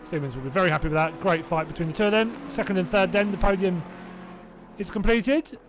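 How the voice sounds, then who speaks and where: A little fast, with a voice that sits high and a noisy background, this Hertfordshire man commentates a sim race live in a southern English accent. He chats and rambles with viewers between calls, makes self-doubting asides, and laughs to himself.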